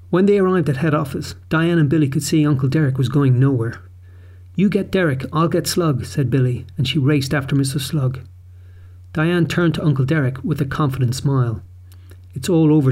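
Male narrator for a kids' audiobook, steady and clear, mellow and slightly high.

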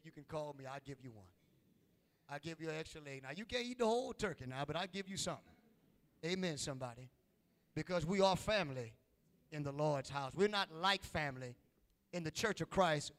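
A man's voice: a little high, a bit bright, long reverb tail. A man preaching a sermon, calling out to his congregation with rising and falling intensity. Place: church.

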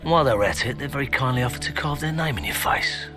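An actor playing a hard-bitten, menacing cop, heard in a film clip over music. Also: male voice, mid-range voice, lively intonation, fast talker, natural voice.

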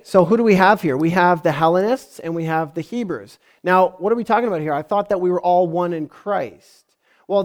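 Conversational male pastor preaching. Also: on the high side. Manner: conversational, asks the congregation questions. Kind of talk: sermon.

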